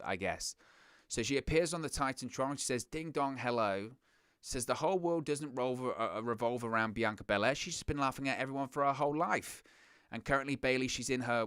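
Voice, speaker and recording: A man's voice: medium pitch, a bit bright, clear, resonant tone, no room sound, studio quality. A man hosting a wrestling reaction show, ranting in a sarcastic, exasperated way. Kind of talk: casual reaction commentary.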